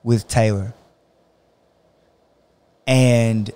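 A man coaching jiu-jitsu talks through a story on a podcast, playing out other people's words as he goes. His voice is smooth and clear, in a middle register. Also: mid-range voice, steady tone, very slow, mellow. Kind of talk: casual podcast conversation.

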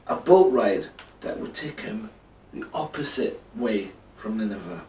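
Brief: man, slow and playful bedtime storyteller, roomy sound from off mic. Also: on the low side, lively intonation, mellow, far from the mic. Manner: chatty, playful, talks to listener.

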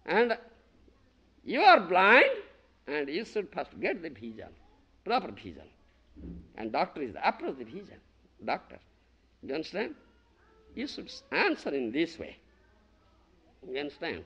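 Man from india giving a devotional talk, high voice swinging all over, keeps asking "you understand?". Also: wildly swooping pitch, a little slow, long pauses, a bit bright, breathy edge. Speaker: spiritual teacher giving a lecture. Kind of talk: devotional lecture to a small gathering. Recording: 1990 archive lecture recording.

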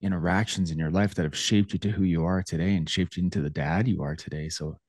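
A man's voice: low-pitched, steady tone, fast talker, darkish tone, dry recording, clean studio sound. A man hosting a podcast in casual interview chat, earnest and affirming as he reflects on a guest's story. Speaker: podcast host.

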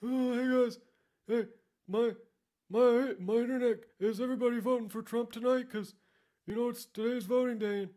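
A man voicing a dopey, clueless young man who rambles and stammers in a high voice. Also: fairly even intonation, normal speed, dark tone.

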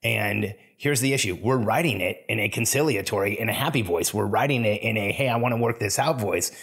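A man with a low, slightly husky voice hosts a solo podcast. He talks earnestly, moving from a personal story into practical advice. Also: a little fast, fairly bright tone. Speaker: podcast host.

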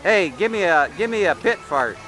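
A man's voice: high-pitched, lively intonation, normal speed, over music, poor audio. A man filming a child at an outdoor water park on a handheld camera, chatting and teasing playfully. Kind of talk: casual home video narration. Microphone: handheld camera mic.

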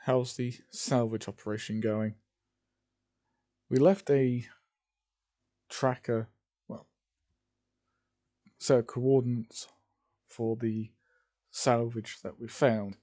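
A man narrating an improvised fan story, halting often and correcting himself as he goes. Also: medium pitch, dark tone. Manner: halting, with many fillers and self-corrections.

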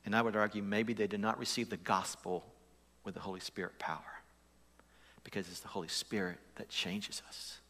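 A male pastor delivers a sermon and talks to his congregation in a conversational way, often asking them questions. His voice is bright and forceful. A long reverb trails each phrase through the church. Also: fairly low pitch, flat delivery, normal speed. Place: church sanctuary.

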